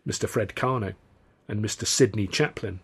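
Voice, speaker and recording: A man reading his own novel aloud as narrator, with brisk, wry storytelling. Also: fairly low pitch, breathy edge. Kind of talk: scripted narration.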